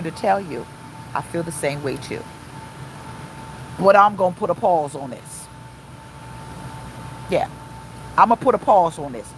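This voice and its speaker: A middle-aged woman pastor giving an impassioned, emphatic, repetitive live-streamed sermon from inside a car, pausing to read viewer comments. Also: mid-range voice, slight background noise, poor audio.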